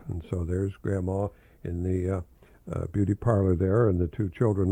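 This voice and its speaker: Chuckling older man with a gravelly voice. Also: low-pitched, measured pace, long pauses, dark tone, no room sound. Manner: chuckling, rambling, fond storytelling. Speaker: professor and radio host. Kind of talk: informal radio commentary reading jokes aloud.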